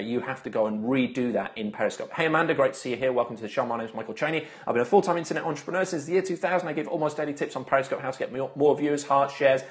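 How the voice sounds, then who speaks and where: A man hosting a live phone stream, chatting casually, greeting viewers by name and giving marketing tips with lots of filler uhs. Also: mid-range voice.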